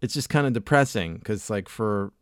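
A man with a fairly low voice hosts a casual podcast chat, rambling from one thought to the next and swearing easily. His voice sits close and dry on the mic, with no room sound at all. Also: lively intonation, normal speed, clear, resonant tone, no room sound. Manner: rambling, profane, laid-back. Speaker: podcast host.

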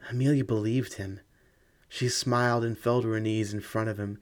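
A man giving measured, dramatic scripted narration of a ghost story audiobook. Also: on the low side, steady tone.

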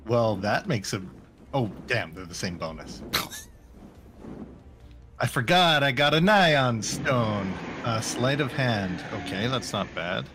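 A man takes part in a tabletop game, speaking in a casual, hesitant way as he explains his moves. His voice sits at a medium pitch for a man, with faint music behind him. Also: sing-song, slow. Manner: hesitant, with fillers and chuckles. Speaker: player.

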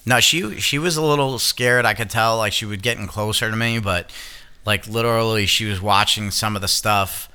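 A man's voice: fairly low pitch, moderate pace, pushed and bright, clear, resonant tone. A young man co-hosting a casual podcast, chatting loosely and swearing freely. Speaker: podcast co-host. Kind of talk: casual chat.

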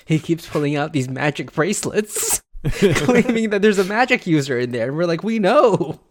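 A giggly co-host on a casual recap podcast laughs through their lines. Their pitch is lively and moves a lot. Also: normal speed, slight background noise. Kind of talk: casual chat recapping a TV episode.

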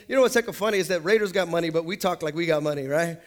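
A man preaching a sermon, joking and swinging between loud highs and low asides. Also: fast talker, few pauses. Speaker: pastor.

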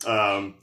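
A sarcastic man recapping a film for a podcast, with lots of asides. His voice is bright and crisp, and it sounds roomy, a little away from the mic. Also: on the low side, distant mic. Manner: animated, sarcastic, with laughs and asides. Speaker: podcast host. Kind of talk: casual movie recap.

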